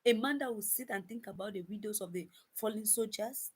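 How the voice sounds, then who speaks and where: Speaking a little fast at medium pitch, this woman has a slightly rough voice. She addresses viewers as "guys" in casual commentary, stressing and repeating her points while frequently stumbling and starting sentences over.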